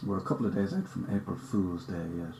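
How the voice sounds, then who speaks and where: A man's voice: low-pitched, animated, fast talker, vocal fry, dark tone, a little hiss or hum. A man opening his podcast, recorded badly on a camera's built-in microphone. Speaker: podcast host. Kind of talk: podcast intro. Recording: tinny roomy sound from a camera's built-in mic.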